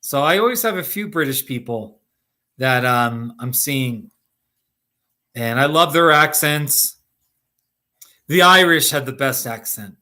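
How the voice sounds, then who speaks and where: This middle-aged American host in Colorado runs a casual livestream, calling viewers by name, reading comments and laughing a lot. His mid-range voice is animated, bright and forceful, and he takes it slowly with long pauses.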